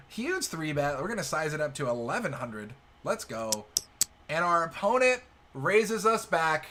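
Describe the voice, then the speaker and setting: A man hosting a poker show, giving live hand commentary in a joking, excitable way that swings from loud cheers to quiet murmurs. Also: on the high side, unhurried, slight background noise. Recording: music playing behind the voice.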